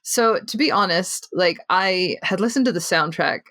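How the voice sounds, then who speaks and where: A woman's voice: on the low side, moderate pace, fairly bright tone, dry recording. A woman co-hosting a podcast in casual chat, chatty with many fillers and laughs. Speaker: podcast co-host.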